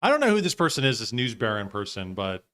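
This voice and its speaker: A man's voice: medium pitch, huge pitch swings, fast talker, pushed and bright. Stream host guy, chill and sweary, lots of laughing, voice goes up and down a lot. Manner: profane, laughing, off-the-cuff reactions. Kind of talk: casual reaction commentary.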